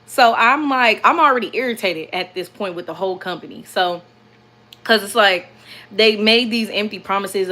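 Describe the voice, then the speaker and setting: Young woman vlogging from her truck, bright voice, animated and rambling, keeps saying y'all. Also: medium pitch, normal speed. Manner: animated, repeats herself, addresses viewers as y'all. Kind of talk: casual storytime chat.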